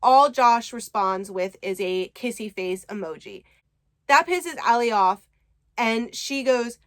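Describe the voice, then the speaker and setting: A chatty woman with a fairly high voice recaps a book for her viewers. She talks casually and with enthusiasm and drops in the odd swear word. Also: expressive, slow pace, a bit bright. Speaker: book reviewer.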